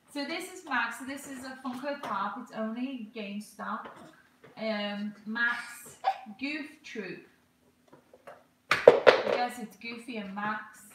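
A woman chatting casually on a livestream, talking to her baby and her viewers while she opens gifts. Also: fairly high pitch. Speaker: livestream host. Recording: echoey room, far from the mic, noisy background.

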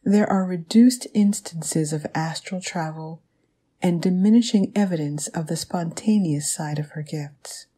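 Woman audiobook narrator, low dark voice, husky, measured reading.

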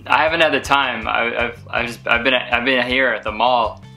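A man's voice: mid-range voice, steady tone, moderate pace, vocal fry, pushed and bright, soft background music, low-quality recording. A man playing a flustered young fan who stammers through rambling excuses in a comedy skit.

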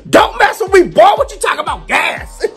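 A man's voice: very high voice, very animated, fairly quick, vocal fry, a bit bright, faint music behind, voice pushed up, heavily acted. A man voicing a hot-tempered old-time Western gunslinger with an exaggerated put-on drawl, barking threats. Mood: threatening.

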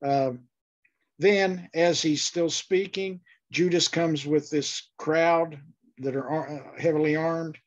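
A man's voice: fairly high pitch, fairly even intonation. Man teaching a Bible class, lo-fi audio. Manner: thoughtful, halting, many fillers and restarts. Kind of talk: online Bible class lecture.

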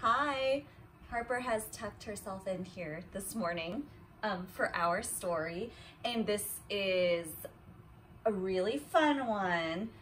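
A mother in her thirties playfully reading a silly picture book aloud to her child at home, with animated delivery. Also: mid-range voice, slow, distant mic, slight background noise. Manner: animated, silly voices, laughing while reading. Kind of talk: playful read-aloud storytelling.

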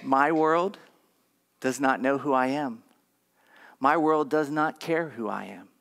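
A man preaching in a conversational style gets the congregation to echo affirmations back to him again and again. He speaks slowly in a mid-range, gravelly voice with a slightly bright edge.

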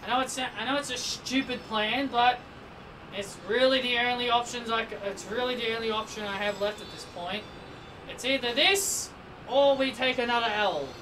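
A man's voice: extremely high pitch, normal speed. A man commenting on his own game as he plays, exasperated and repeating himself, pleading with and scolding the game. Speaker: let's play gamer. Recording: distant mic with faint background noise.

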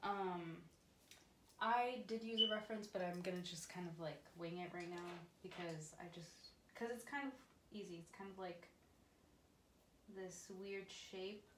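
A woman's voice: on the low side, measured pace, noisy background. Chatty young woman in an echoey room. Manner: chatty, rambling, says um and like a lot. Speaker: vlogger. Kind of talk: casual painting tutorial chat. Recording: roomy echo with music behind.

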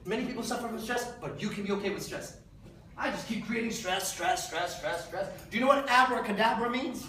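A man speaking at a conference, animated and profane, acting out little scenes for the crowd. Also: high voice, a little fast, slight background noise. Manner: profane, animated, acts out voices. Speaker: seminar speaker. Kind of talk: conference talk. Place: large conference hall. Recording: echoey hall from far off.

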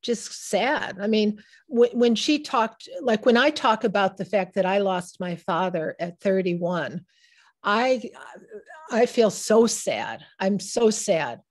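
A woman in her sixties, an author being interviewed, telling personal family stories in a halting, emotional way with many restarts. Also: medium pitch. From Midwest United States. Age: 60s. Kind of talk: reflective personal storytelling.

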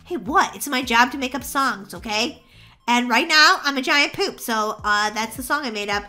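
A woman's voice: a little high, animated, moderate pace, pushed and bright, faint music behind. A woman hosting a gaming video, giving silly, playful commentary and singing goofy bits. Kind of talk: gameplay commentary.

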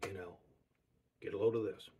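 A man preaching a sermon in a relaxed, conversational way, repeating words for emphasis. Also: sits low, moderate pace, a little hiss or hum.

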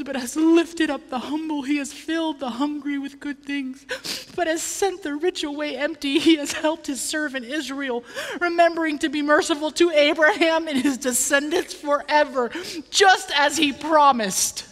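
In a church with the sound of a large hall, a woman pastor with a high-pitched, fairly bright voice preaches at a moderate pace. Her sermon is passionate, building to emphatic declarations with humorous asides mixed in.

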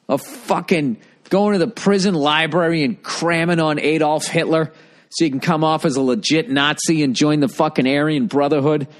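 A man riffing through a comedic podcast rant, sarcastic and rambling, with swearing scattered through nearly every sentence. His voice sits a touch higher than most men's. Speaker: podcast host.

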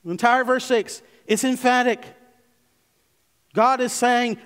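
A male pastor preaching a sermon, emphatic, with loud stresses that fall away to hushed low asides. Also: steady tone, takes it slowly, long pauses, clean tone, long reverb tail. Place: church sanctuary.

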